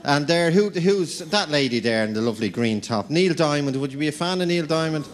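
A man's voice: fairly high pitch, lively intonation, fairly quick. Chatty Irish male show host. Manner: chatty, laughing, talks to the crowd.

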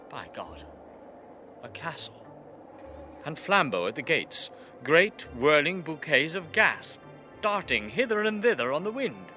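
A polite young English gentleman on his travels, musing aloud in a genteel English accent. His pitch swoops widely as he chats to himself, and the voice is bright. It is a radio drama with a long reverb and faint music underneath. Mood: musing, uneasy. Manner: genteel, chatty inner monologue.

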